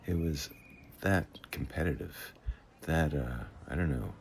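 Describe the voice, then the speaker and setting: Very deep-voiced New man reminiscing. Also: expressive, vocal fry, slight background noise. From the Bronx, New York. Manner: unhurried, conversational, with hesitations and restarts. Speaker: vlogger telling life stories. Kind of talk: reflective personal storytelling. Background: faint guitar music.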